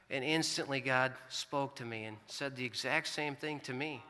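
A man's voice: medium pitch, fairly even intonation, normal speed, hardly any pauses, bright, forceful tone. A middle-aged American man preaching a sermon, telling a family story in an earnest, conversational way. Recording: long hall reverb.

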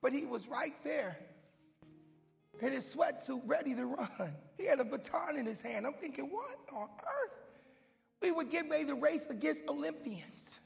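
High-voiced gravelly man preaching in a hall. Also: lively intonation, normal speed. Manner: dramatic storytelling, swinging from hushed whispers to shouting; loud and goofy. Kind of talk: sermon. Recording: long hall reverb with faint music.

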